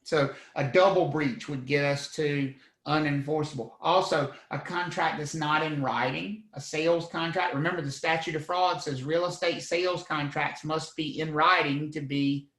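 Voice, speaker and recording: Guy teaching real estate, lively, keeps asking the class questions, bit high voice, echoey room. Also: moderate pace, few pauses. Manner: lively, asks the class questions, acts out scenes. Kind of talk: live online class lecture.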